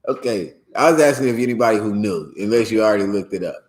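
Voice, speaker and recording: A man teaching a scripture class in a loose, slangy way, often jumping his voice high to show how a word should sound. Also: quick pace, roomy sound.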